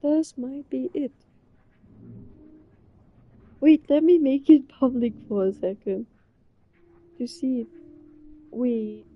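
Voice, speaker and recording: A young woman streamer reacting to an old clip, gasping and laughing with excitement. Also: high voice, slow pace, pauses often, highs cut off.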